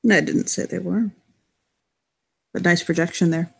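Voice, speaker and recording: A woman's voice: on the low side, fairly even intonation, unhurried, vocal fry, husky, full character voice. A woman playing a wry, guarded man who speaks Russian, with a sardonic, teasing way of talking.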